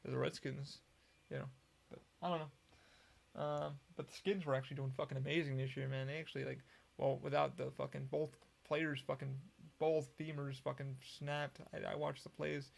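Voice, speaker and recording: A man's voice: mid-range voice, level tone, normal speed, gravelly. A man hosting a solo podcast, rambling casually with lots of profanity and frequent restarts. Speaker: podcast host.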